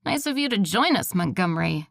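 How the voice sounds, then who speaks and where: A woman's voice: fairly low pitch, sing-song, gravelly, a bit bright, dry recording, exaggerated voice. Nasal, smug male coworker voiced by a woman, condescending and nagging, dry close read. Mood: snide. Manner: condescending, drawn-out taunting.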